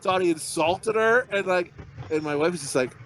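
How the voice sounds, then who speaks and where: A man's voice: sits high, normal speed, fairly bright tone, slight background noise. A middle-aged man and podcast co-host telling rambling, profane, self-mocking stories in casual chat. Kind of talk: casual storytelling.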